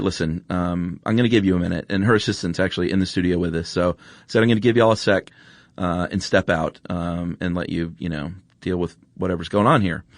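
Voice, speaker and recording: A man's voice: fairly low pitch, dry recording, studio quality. A man, hosting a podcast and telling a story casually, with many fillers and restarts. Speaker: podcast host. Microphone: studio microphone.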